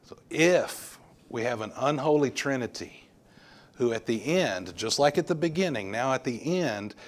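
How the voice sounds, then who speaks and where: A man's voice: medium pitch, lively intonation, unhurried. A male pastor preaching a sermon, emphatic and repeating words for stress.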